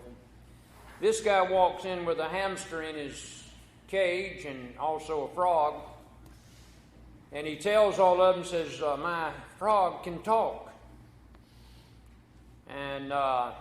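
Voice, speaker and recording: Slow-speaking preacher in echoey church. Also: male voice, a little high. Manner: folksy, joke-telling preacher with Southern turns of phrase. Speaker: pastor. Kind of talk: sermon. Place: church sanctuary.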